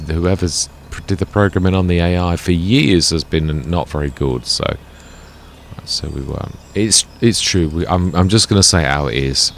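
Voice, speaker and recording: Gravelly low-voiced gamer. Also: male voice, moderate pace, slight background noise. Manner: chatty, rambling, self-correcting. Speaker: gaming let's play host. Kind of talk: casual gameplay commentary.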